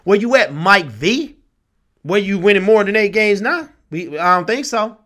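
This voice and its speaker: A man's voice: high-pitched, animated, normal speed, bright, forceful tone. A young man ranting with passion and exasperation about his team's loss, repeating himself as a sports vlogger.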